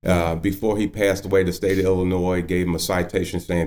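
A man in his fifties tells his story as a guest, his voice sitting low. He speaks earnestly, and feeling breaks through as he goes. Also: level tone, fairly quick, a little mellow. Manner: earnest, emotional. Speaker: guest, county judge. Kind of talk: personal storytelling.

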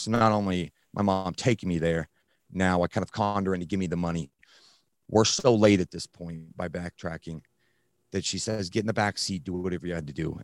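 A man, a guest on a talk show, telling his personal story candidly in casual slang, often halting and restarting. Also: low-pitched, no room sound, studio quality. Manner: blunt, casual, uses slang. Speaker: guest recounting his addiction recovery.

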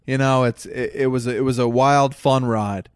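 A man's voice: mid-range voice, fairly even intonation, normal speed, clear, resonant tone, no room sound. A man telling stories in casual chat, rambling and self-deprecating.

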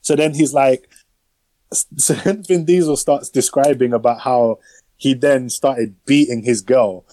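Man, podcast host, rambling casual film chat, mellow voice, dry close sound. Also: medium pitch, unhurried, no room sound, low-quality recording. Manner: rambling, slangy, lots of fillers.

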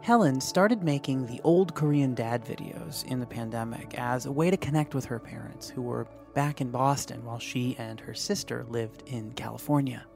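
A woman interviewing a guest and narrating between clips, with short warm reactions. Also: extremely low pitch, moderate pace, creaky, hardly any pauses, faint music behind.

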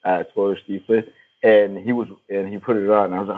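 A man's voice: fairly low pitch, flat delivery, a little fast, phone-quality sound. A man co-hosting a podcast, telling a story with giggles and hesitations. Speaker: podcast co-host. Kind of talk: casual chat.

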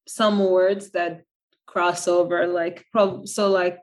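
A woman's voice: lowish voice, level tone, slow pace. A woman guest on a podcast talking casually and reflectively, with many fillers and restarts. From United States. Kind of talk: casual interview chat.

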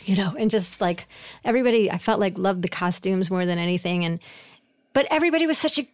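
A woman's voice: medium pitch, a little fast, no echo. A middle-aged woman from Syracuse, New York, talking as a guest in a casual interview, candid and self-deprecating, with profane humor.

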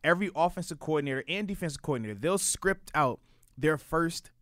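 A man co-hosting a casual sports show, a former player who walks through football strategy with animated energy. His voice sits a bit high for a man. The sound is close and dry, with no room around it. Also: brisk, dry recording. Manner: animated, explains plays.

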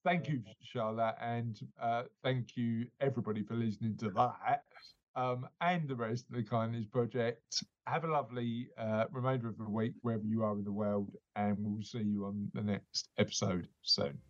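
A man hosts a casual podcast, rambling cheerfully through a joke with plenty of ums. His pitch sits in a middle range. The recording is a little dull and lo-fi. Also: fairly even intonation, moderate pace, no room sound. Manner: jokey, rambling with fillers. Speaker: podcast host. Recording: slightly dull lo-fi sound.

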